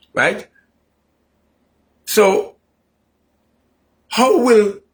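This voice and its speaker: A man delivering an opinionated political monologue, repeating himself emphatically and rising into shouts. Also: on the high side, gravelly. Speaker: political commentator.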